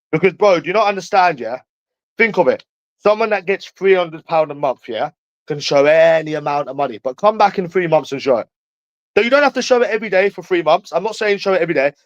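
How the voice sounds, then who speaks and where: A man's voice: a little high, dry recording. A man with a London accent in a heated livestream rant, taunting and repeating himself. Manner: taunting, repetitive, jeering.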